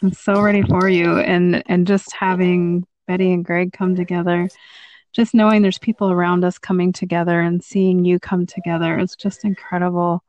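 A woman hosting a podcast, chatting with a friend and encouraging her with warm agreement. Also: fairly low pitch, little pitch movement, moderate pace, dry recording, highs cut off. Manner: supportive, affirming interviewer. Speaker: podcast host. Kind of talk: casual chat.

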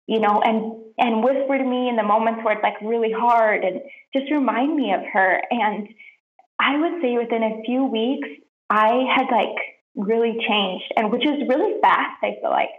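A young woman, a podcast guest, sharing a heartfelt personal testimony in an earnest, soft-spoken way with lots of "like" fillers. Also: fairly high pitch, moderate pace. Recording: roomy, dull lo-fi podcast audio.

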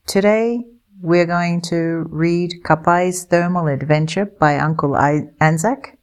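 Slow, low-voiced woman reading a storybook. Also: fairly even intonation. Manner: slow, clear and gentle for learners. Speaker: storyteller for English learners. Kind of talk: read-aloud picture book narration.

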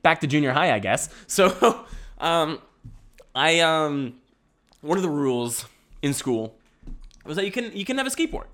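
A man's voice: a little high, very animated, moderate pace, long pauses, fairly bright tone. A young man telling a rambling comic story, swearing freely, laughing often and breaking into self-mocking asides. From Canada.

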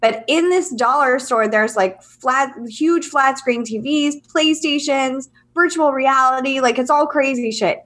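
A woman's voice: high-pitched, unhurried, few pauses, a bit bright. A middle-aged woman co-hosting a podcast, telling stories candidly and acting out what people said. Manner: candid storytelling, acts out quotes. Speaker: podcast co-host. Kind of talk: casual chat.

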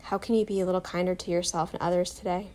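A woman guiding a self-compassion meditation, soft, calm and encouraging, telling a short personal story. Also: fairly low pitch, fast talker. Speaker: meditation guide.

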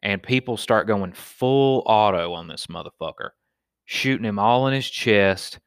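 A man's voice: on the low side, a little slow, smooth, dry recording, clean studio sound. A man from Alabama with a Southern accent, telling stories in a casual, profane monologue as a podcast host and stand-up comic. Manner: profane, animated storyteller.

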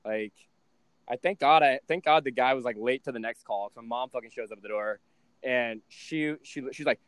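A man hosting a casual podcast, telling stories in an animated, profane way. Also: mid-range voice, normal speed, clean tone, no room sound. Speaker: podcast host and trading coach.

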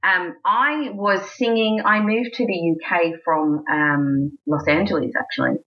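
A woman's voice: on the low side, a little slow, dull audio. A woman in her forties from Australia, a burlesque singer and host, telling stories in a casual interview with lots of restarts. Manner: chatty, lively storyteller, many restarts, acts out quotes.

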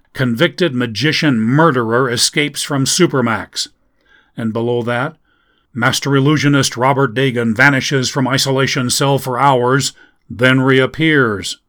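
A man reading a novel aloud in a measured, dry storytelling manner. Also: medium pitch. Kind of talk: audiobook narration.

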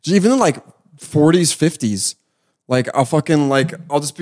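A man's voice: fairly high pitch, normal speed. A young man co-hosting a podcast, chatting casually with crude jokes and mock voices. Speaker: podcast co-host. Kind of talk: casual chat.

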